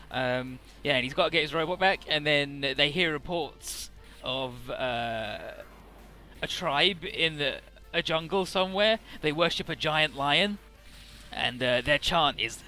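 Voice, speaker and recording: A man's voice: mid-range voice, measured pace, pushed and bright, faint music behind. A young man giving casual, rambling and profane commentary over a video game playthrough. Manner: rambling, profane, jokey retelling. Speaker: Let's Play commentator.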